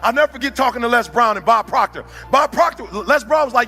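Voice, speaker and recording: Male motivational speaker with a very high voice, fervent and shouting, plainspoken, faint music behind. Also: very animated, fast, vocal fry, hardly any pauses. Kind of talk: impassioned motivational speech.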